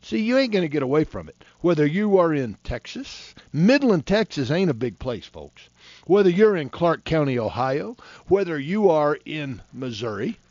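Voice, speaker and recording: A man's voice: fairly high pitch, very animated, moderate pace, darkish tone, no echo. A man in his fifties from Florida, preaching a fiery sermon in a folksy, impassioned way, in a dull, dry lo-fi recording. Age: 50s.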